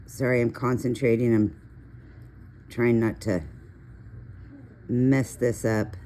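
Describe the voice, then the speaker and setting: Low-voiced chatty woman colorist. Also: fairly even intonation, slow, mellow. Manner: chatty, storytelling, rambling asides. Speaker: coloring video host. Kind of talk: casual coloring tutorial chat.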